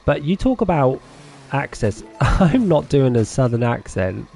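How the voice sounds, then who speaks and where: A man's voice: medium pitch, sing-song, measured pace, creaky, a little mellow, soft background music. A man with a Norfolk English accent chatting casually with viewers while streaming a farming game, chatty and self-deprecating, laughing often. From England.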